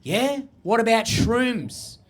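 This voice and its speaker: A man's voice: very high-pitched, sing-song, slow pace, full character voice. A man with an Australian accent voicing a rambling hippie stoner uncle in his late fifties, drawling dreamily and saying "man" over and over. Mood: stoned rambling.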